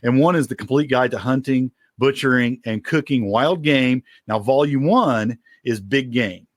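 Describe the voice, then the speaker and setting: A man's voice: medium pitch, normal speed, no echo, clean studio sound. Easygoing man co-hosting a podcast. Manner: easygoing, rambling, laughs often. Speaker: podcast co-host. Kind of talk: casual chat.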